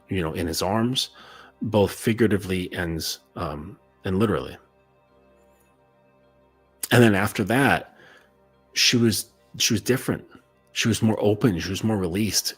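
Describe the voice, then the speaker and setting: A man with a fairly low, husky voice gives a casual coaching monologue. He talks loosely and conversationally and keeps checking in with the listener. Faint music plays underneath. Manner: loose and conversational, full of "like" and "okay?" check-ins.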